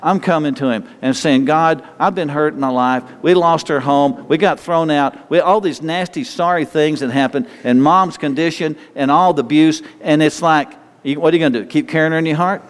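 This pastor's voice is on the high side, and he speaks at a moderate pace with hardly any pauses. Preaching fervently and leading a closing prayer, he repeats phrases for emphasis. The church sanctuary gives the audio a long hall reverb.

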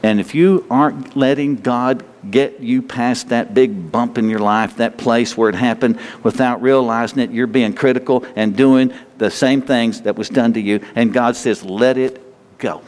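In a church sanctuary with long, echoing reverb, a male pastor delivers a sermon and closes in prayer. His mid-range voice is a little mellow and steady, moving at a moderate pace with few pauses, and he fervently repeats phrases to drive his points home.

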